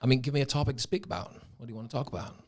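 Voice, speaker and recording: A man from Manchester, a guest actor, talking calmly and matter-of-factly on a podcast. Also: medium pitch, racing. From Manchester, England. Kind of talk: casual podcast chat.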